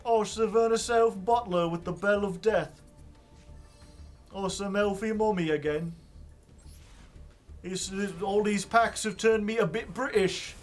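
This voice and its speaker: High-voiced man mumbling wry asides. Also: unhurried, pauses often, soft background music. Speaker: streamer. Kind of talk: casual live-stream chat.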